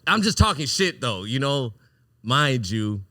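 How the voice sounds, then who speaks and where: A man hosting a podcast, telling a wild personal story in a casual, animated, profane way, often breaking into laughter. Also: medium pitch, measured pace, dry recording. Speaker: podcast host.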